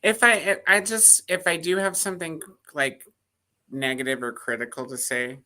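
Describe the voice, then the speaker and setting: A woman's voice: low-pitched, steady tone, normal speed, pushed and bright. A woman from Texas with a Texan accent, co-hosting a live stream and laughing often. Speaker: livestream co-host. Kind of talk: casual live-stream chat.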